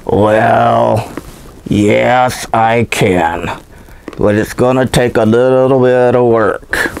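A man voicing a summoned male demon in a lower, laconic voice. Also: steady tone, very slow, gravelly, clear, resonant tone. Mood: gruff. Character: summoned male demon, gruff and matter-of-fact.

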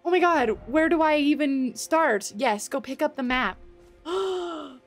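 A woman streaming a game live, excitable, gasping and swearing as she plays. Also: high-pitched, unhurried, soft background music.

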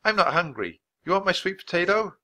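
A man's voice: medium pitch, very animated, normal speed, creaky, sharp tone, no room sound, voice pushed up, full character voice. Man voicing a shy bookish boy. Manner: polite, hesitant.

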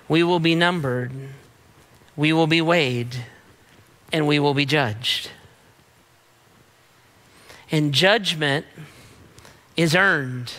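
A middle-aged man, a pastor, preaching an emphatic sermon with rapid-fire repeated refrains. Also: a little high, sharp tone.

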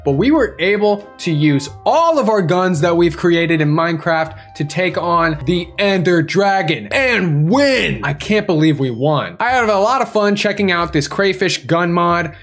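Young male gaming host, high voice, excitable and playful kid-friendly commentary, soft music bed. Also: unhurried, hardly any pauses. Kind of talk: Minecraft gameplay commentary.

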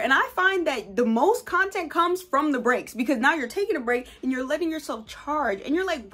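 Bubbly woman, high-pitched, casual vlogger chat. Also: moderate pace, few pauses. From New York, USA. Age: 20s. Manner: bubbly, excitable, breaks into laughs and squeals.

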